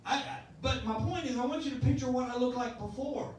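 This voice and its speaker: A man in his sixties preaching with a folksy delivery that keeps restarting its sentences. His voice sits unusually high. He sounds far from the mic, and the church rings with a big echo around him. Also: fairly quick, a little mellow, slight background noise. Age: 60s. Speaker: pastor. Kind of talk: sermon. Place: church sanctuary. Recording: echoey church sound from a distance.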